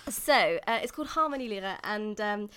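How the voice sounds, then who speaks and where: A woman's voice: medium pitch, expressive, moderate pace, fairly bright tone, clean tone. A woman co-hosting a podcast, chatting casually and giggling often as she talks about classical music. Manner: giggly, chatty, self-deprecating. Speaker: podcast co-host.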